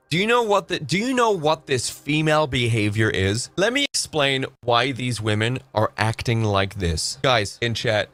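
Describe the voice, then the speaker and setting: A man hosting a live stream, reacting to a clip with sarcastic, sweary commentary. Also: mid-range voice. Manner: sarcastic, sweary, lively ranting.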